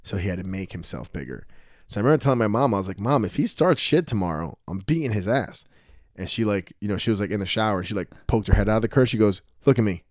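Deep-voiced young guy chatting, acts out stories, dry sound. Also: quick pace, no echo. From New Jersey. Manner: storytelling, animated quoting of others. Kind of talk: casual podcast chat.

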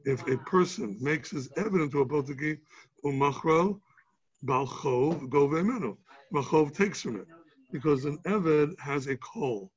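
A man with a somewhat high, husky voice, teaching a Talmud class. He explains step by step with everyday examples and rhetorical questions. The recording sounds dull and lo-fi. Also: a little slow.

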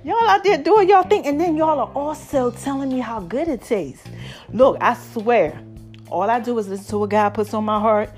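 A middle-aged woman hosting her podcast, talking in an animated, preachy way and a little out of breath. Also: on the high side, normal speed, faint music behind. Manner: animated, preachy, hypes her shows, calls listeners y'all and baby. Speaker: podcast host. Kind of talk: casual monologue to listeners.

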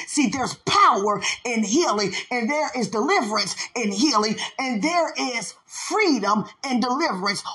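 Woman preacher, high husky voice, repeats herself and builds up to pleading. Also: sharp tone. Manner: repetitive, rising into impassioned pleading. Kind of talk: sermon.

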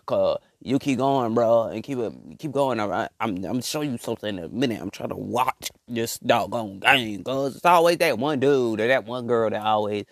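A man's voice: mid-range voice, animated, normal speed, no echo, studio quality. A man ranting in a loose, rambling comic monologue, full of slang and filler words. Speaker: podcast host. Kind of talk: comedic rant monologue.

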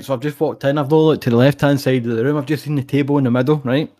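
Fast-talking Scottish man telling a story. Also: mid-range voice, steady tone, dark tone. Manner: rambling storytelling, heavy swearing. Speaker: podcast co-host. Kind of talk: casual chat.

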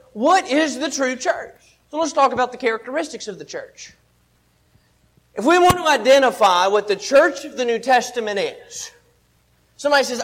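High-voiced man preaching a sermon. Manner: earnest teaching, repeats key points.

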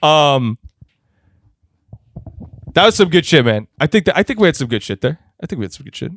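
A man's voice: a little high, sing-song, fairly quick, a bit bright, no echo. A man co-hosting a comedy podcast, joking and exasperated, swearing in casual chat. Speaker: podcast co-host.

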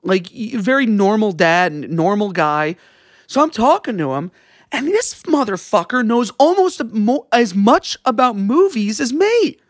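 A man's voice: high voice, big pitch swings, a little slow, no room sound, studio quality. A young man co-hosting a podcast, chatting casually and animatedly, rambling and swearing freely. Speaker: podcast co-host. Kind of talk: casual chat.

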